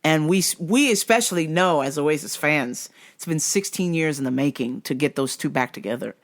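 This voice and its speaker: A podcast host ranting casually about fights, swearing a lot and getting heated and excitable. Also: moderate pace. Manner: wide, jumpy pitch swings when worked up. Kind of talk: casual solo rant podcast.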